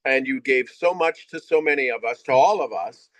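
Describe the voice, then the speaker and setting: A man's voice: medium pitch, moderate pace, no echo, poor audio. A man hosting a casual video call, praising a guest and laughing often. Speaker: host.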